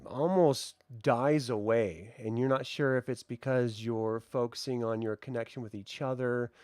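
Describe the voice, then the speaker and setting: A man narrating a tabletop game as game master in a slow, descriptive way. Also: mid-range voice, a little mellow, clear, resonant tone, no echo, clean studio sound. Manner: slow, descriptive, with hedging "sort of".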